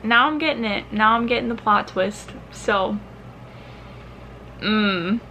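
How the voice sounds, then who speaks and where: A young Midwestern vlogger talks casually and emotionally about a book she loved, teary and crying, with frequent sighs and restarts after trailing off. Her mid-range voice is slow with a sharp tone, and the poor audio has a bit of hiss or hum.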